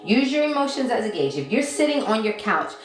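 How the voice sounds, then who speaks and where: A woman's voice: on the high side, big pitch swings, brisk. A woman giving a casual livestream talk as a mindset coach. She repeats key phrases and stops to answer viewer comments. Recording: roomy sound with music behind. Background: background music.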